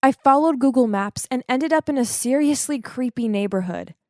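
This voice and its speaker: A woman narrating an animated storytime in a dramatic, emotive way. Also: normal speed, no echo, studio quality. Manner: emotive and dramatic, swings to high exclaims.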